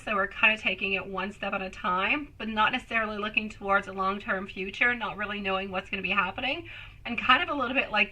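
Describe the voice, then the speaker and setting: A woman's voice: mid-range voice, bright, forceful tone, low-quality recording. A woman hosting a live-stream tarot reading, chatting with viewers and calling them sweetie and my love. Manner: chatty, reads viewer comments aloud and answers.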